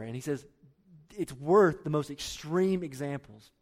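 A man preaching a sermon, emphatic, repeating key phrases and dropping to quiet low lines. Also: measured pace. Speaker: pastor.

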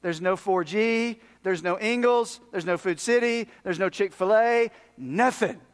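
A man preaching a sermon as pastor, swinging from loud emphasis to hushed, near-whispered asides and shifting his pace for effect. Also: sits high, smooth. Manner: speeds up and slows down for emphasis.

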